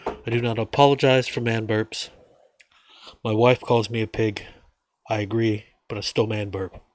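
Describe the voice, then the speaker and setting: A man's voice: fairly low pitch, level tone, normal speed. A man with a drawl, rambling casually and folksily to camera at home while drinking beer. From United States. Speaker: vlogger.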